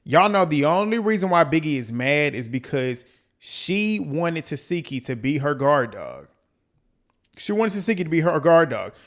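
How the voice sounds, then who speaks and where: A man hosting a reality TV recap, ranting in a blunt, profane, animated way and repeating lines for emphasis. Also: fairly high pitch, normal speed. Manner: quotes people in mimicking voices. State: out of breath. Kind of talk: casual commentary recap.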